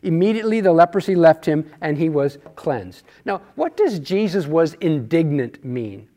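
A man leads a Bible study in a high, light voice. He explains each passage in a conversational way and poses rhetorical questions to the class. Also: sing-song, normal speed, mellow.

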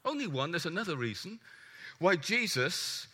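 A man preaching a sermon, emphatic and animated, putting questions to the congregation. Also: sits high, normal speed, slightly rough.

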